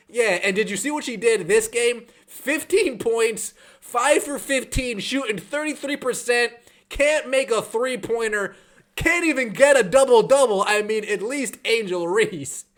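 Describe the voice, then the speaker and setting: A man with a high-pitched voice delivering a sarcastic sports rant. He mocks as he goes, lingering on numbers with scorn. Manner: sarcastic, mocking. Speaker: podcast host.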